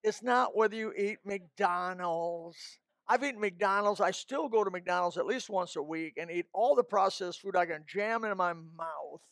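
A man's voice: high-pitched, normal speed, gravelly, hardly any pauses, a bit bright, dry recording, clean studio sound. An older man preaching a folksy, emphatic sermon, breaking into snatches of hymns.

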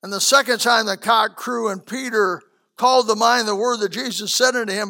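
High, gravelly preacher man. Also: fairly even intonation, brisk. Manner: dramatic swings from loud declaring to hushed asides. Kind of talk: sermon. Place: church hall with a congregation.

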